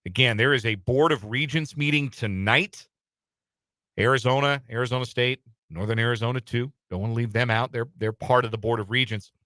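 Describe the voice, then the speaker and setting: A man's voice: mid-range voice, brisk, pushed and bright, no room sound. A man hosting a sports talk radio show from a studio, talking in a casual, chatty way with some uh fillers and repeats. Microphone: studio microphone.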